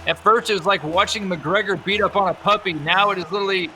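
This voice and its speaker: A young man calls a video game match live, his voice high and bright as he jokes and exclaims over each play. Faint noise sits under the recording. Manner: energetic, jokey, quick exclamations. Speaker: esports commentator.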